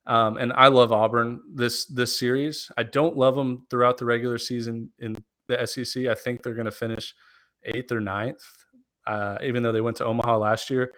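A man co-hosting a sports podcast, easygoing and chatty as he weighs his picks. He talks things through out loud with filler words and restarts. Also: medium pitch. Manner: relaxed, thinks aloud with fillers. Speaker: podcast co-host. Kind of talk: casual sports chat.

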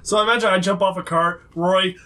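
A man's voice: sits high, fairly even intonation, quick pace, bright, forceful tone. A young man playing a tabletop game with friends, joking, laughing and swearing. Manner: playful, laughs often, swears. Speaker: player. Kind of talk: casual tabletop play.

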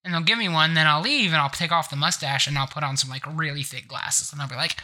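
A man hosting a live gaming podcast, telling bits in a playful, animated way. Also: a little high, a little fast. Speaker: podcast host.

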